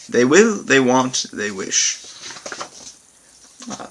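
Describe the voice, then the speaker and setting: A man teaching a language lesson on video, halting with many fillers and repeating example sentences slowly. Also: mid-range voice, creaky, pushed and bright, slight background noise, low-quality recording. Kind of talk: informal recorded lesson.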